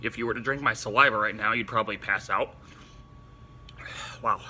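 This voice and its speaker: A man with a very bright, forceful voice talks to camera in halting bursts, his eyes watering and his nose running from the heat. A faint hiss of noise sits behind him. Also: fairly low pitch. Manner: halting, breathless exclamations between short remarks. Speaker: vlogger doing a spicy food challenge. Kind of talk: casual on-camera commentary.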